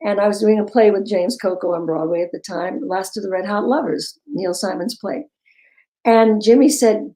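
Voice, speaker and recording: An older woman telling stories as an interview guest, animated and quick to laugh. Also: medium pitch, rough recording. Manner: animated storyteller, breaks into laughter. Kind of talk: casual interview chat.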